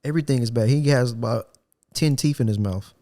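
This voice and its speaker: A man's voice: medium pitch, fairly quick. A man on a casual podcast, telling a work story in slang and acting out the people he quotes. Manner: animated storytelling, acts out quotes with a raised voice. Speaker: podcast co-host. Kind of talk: casual chat.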